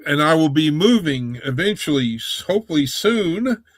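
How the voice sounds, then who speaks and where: A man hosting a casual livestream chat, rambling with halting restarts. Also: fairly high pitch, big pitch swings, no room sound.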